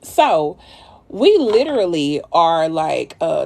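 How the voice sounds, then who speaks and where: A woman's voice: lowish voice, unhurried, creaky, slight background noise. A woman, chatting casually and profanely on a phone livestream while doing her makeup. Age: 30s. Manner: animated, profane, swoops way up when exclaiming.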